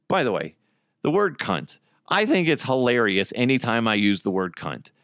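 A man hosting a solo podcast while high, rambling, swearing heavily and laughing often. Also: big pitch swings, normal speed, a bit bright, no room sound, clean studio sound. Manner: profane, rambling, frequent laughter. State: high on cannabis. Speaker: podcast host.

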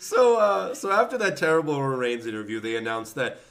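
Bright-voiced excitable podcast man. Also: medium pitch, a little fast. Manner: excitable, yells impressions. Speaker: podcast co-host. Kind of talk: casual chat.

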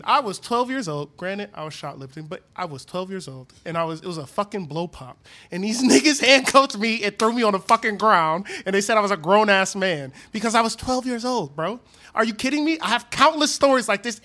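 A man's voice: sits high, lively intonation, a little fast, sharp tone. A man co-hosting a casual talk show, ranting with heavy profanity and raw passion. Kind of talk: heated casual chat.

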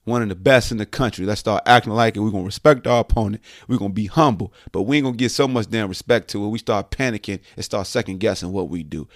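A man hosting a sports podcast, talking in an animated, slangy monologue with loud and soft swings, faint music behind him. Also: lowish voice, fast talker, hardly any pauses, no echo, studio quality. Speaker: podcast host.

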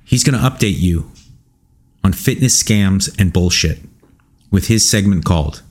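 Blunt, animated male podcast host. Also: sits low, a little slow. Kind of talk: fitness commentary.

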